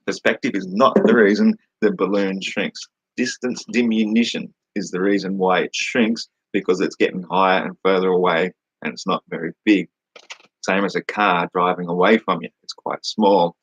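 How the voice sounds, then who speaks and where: Blunt, sweary Australian man, husky voice. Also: low voice, no room sound, muffled recording. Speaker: vlogger answering comments. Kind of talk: combative ranting monologue.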